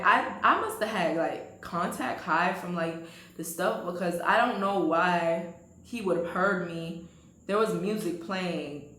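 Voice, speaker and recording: A woman's voice: medium pitch, a bit bright. A young woman vlogger telling a casual storytime, slangy and chatty, talking straight to her viewers. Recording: roomy echo.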